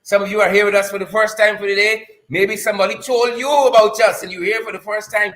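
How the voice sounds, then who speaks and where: A man's voice: sits high, little pitch movement, fast, fairly bright tone, poor audio. A man with a Guyanese accent hosting a live-stream news show, jokey and hyped-up, repeating his lines for effect.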